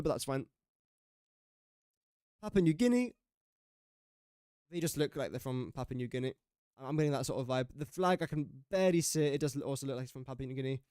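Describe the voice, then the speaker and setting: A young man talks through a live game stream, musing aloud and poking fun at his own mistakes. His voice sits a little high and comes across smooth and clear. The sound is dry and close, with no room around it. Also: mellow, no room sound. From England. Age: young adult. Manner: chatty, jokey and self-mocking, thinking aloud. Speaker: gaming streamer. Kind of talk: casual live-stream commentary.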